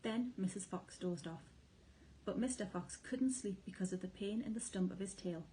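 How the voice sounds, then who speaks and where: A woman teacher reading a children's storybook aloud, with clear, expressive storytelling. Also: medium pitch, normal speed, a little hiss or hum, low-quality recording. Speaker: primary school teacher.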